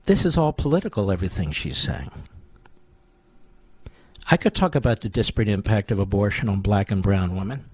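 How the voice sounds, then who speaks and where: A man's voice: on the low side, lively intonation, fairly quick, long pauses, darkish tone, husky, dry recording, highs cut off. A male radio talk show host delivering a combative, sarcastic political monologue in short punchy phrases.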